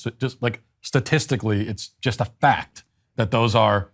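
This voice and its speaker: A man in his thirties giving political commentary in a dismissive tone, with halting repeats, while reading a petition aloud. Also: lowish voice, gravelly. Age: 30s.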